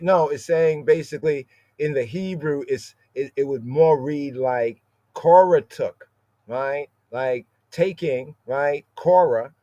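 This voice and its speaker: A man teaches scripture in a relaxed podcast style. He circles back to the same words and keeps asking "right?" as he goes. The recording is dry and a little muffled, with no room sound. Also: medium pitch, no echo. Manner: repeats words, constant "right?" tag questions. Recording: dry, slightly dull audio.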